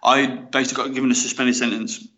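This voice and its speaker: A man's voice: medium pitch, little pitch movement, fast, sharp tone. A young man with a Black Country accent, telling his story frankly and casually as a guest in a podcast interview. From West Midlands, England. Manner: chatty and frank, with many fillers like "mate" and "you know". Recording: slightly dull lo-fi audio.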